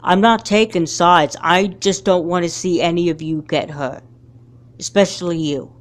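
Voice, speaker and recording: Woman putting on a low-voiced patient father, lectures calmly, soft-spoken, doll-movie dad. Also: normal speed, natural voice. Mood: calm lecturing. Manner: calm, lecturing. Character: stern but caring father, middle-aged man. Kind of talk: fan doll-movie voice acting.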